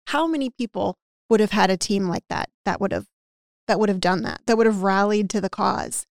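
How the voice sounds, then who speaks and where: A woman on a podcast who coaches business owners on hiring and team culture, telling a story with lively acted-out quotes and lots of "like". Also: medium pitch, a little fast, dry recording, studio quality. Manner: animated anecdote-telling with acted-out quotes and frequent "like".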